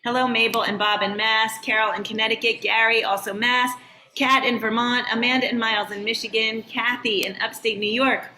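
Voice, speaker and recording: A woman hosting a live online show, warmly greeting viewers by name over a video call. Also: on the high side, fairly even intonation, brisk. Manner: upbeat, reading out viewer names. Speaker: show host. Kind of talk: live online welcome and shout-outs. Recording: echoey room with faint background noise.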